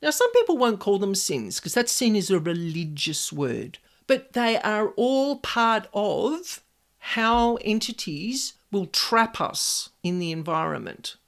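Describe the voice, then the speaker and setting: A woman's voice: mid-range voice, very animated, takes it slowly. An Australian woman hosting a solo podcast, telling a chatty personal anecdote and acting out her own inner voices. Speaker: podcast host, paranormal specialist. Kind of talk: casual solo podcast storytelling.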